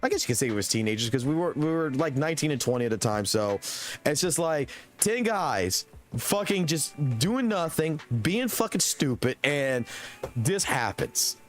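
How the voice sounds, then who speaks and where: A man's voice: on the high side, sing-song, moderate pace, soft background music. A man in his twenties telling a rambling, profane anecdote on his live stream, laughing as he goes. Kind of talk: casual storytelling on a live stream.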